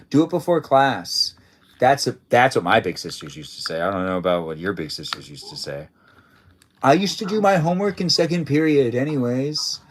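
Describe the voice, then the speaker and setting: Guy hosting a live stream, chatty and rambly, loops back on his own words, normal pitch. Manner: rambling, playful, repeats his own phrases. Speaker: livestream host. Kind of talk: casual livestream chat.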